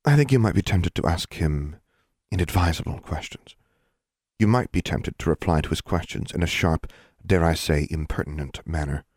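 A man's voice: low-pitched, normal speed, no room sound, clean studio sound. Man reading as a stern, guarded school dean. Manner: quiet, earnest warnings.

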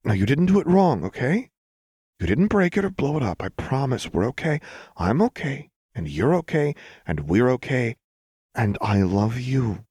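A man voicing a gentle young woman who speaks in a soft, earnest, reassuring way. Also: deep voice, expressive, unhurried, slightly rough, no echo, studio quality, full character voice. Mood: soothing.

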